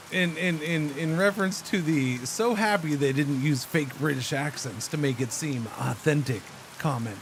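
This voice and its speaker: A male game streamer with a fairly high voice, talking in a loose, animated, joking way to his chat. Faint rain-like noise sits in the background. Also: normal speed, few pauses. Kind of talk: casual live-stream commentary.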